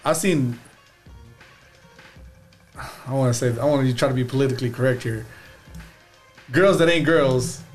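A young man in casual chat, slangy and quick with interjections. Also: medium pitch, soft background music.

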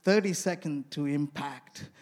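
High-voiced preacher telling stories. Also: male voice, unhurried, a little mellow. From India. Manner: storytelling, questioning the congregation. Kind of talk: sermon.

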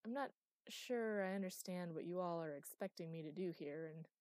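A woman's voice: on the low side, moderate pace, darkish tone, no echo, natural voice. A woman voicing a stubborn, irritable young woman who is exasperated and doubtful.

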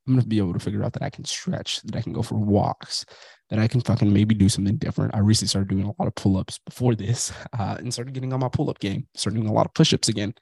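A man in his thirties hosts a podcast while dealing with a migraine, delivering a casual motivational monologue that's blunt, profane and self-reflective. His fairly low voice is gravelly, darkish and slightly rough, with fairly even intonation and a quick pace, and there's no echo.

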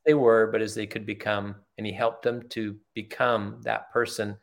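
Older guy on a podcast, earnest storyteller, kinda low voice, repeats himself for emphasis. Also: little pitch movement, moderate pace, vocal fry. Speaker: podcast guest, retired executive. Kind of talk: conversational storytelling.

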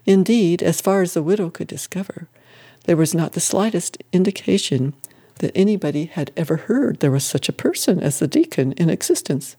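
A reader narrating an old-fashioned story in steady audiobook style. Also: mid-range voice, moderate pace, husky.

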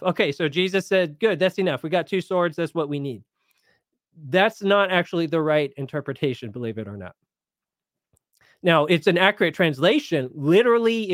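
Man, Bible show host, casual explanatory talk, slightly high voice, dry close recording. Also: no echo. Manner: explanatory, casual, paraphrases scripture in everyday speech. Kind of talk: live Bible Q&A teaching.

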